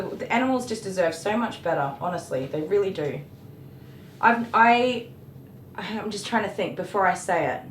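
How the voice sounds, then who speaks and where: A woman, a dog groomer chatting casually while she grooms, getting passionate and worked up as she talks, with mild swearing. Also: medium pitch. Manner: passionate, ranting, swears mildly. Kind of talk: casual chat while grooming on a live stream. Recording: echoey room with electric clipper noise.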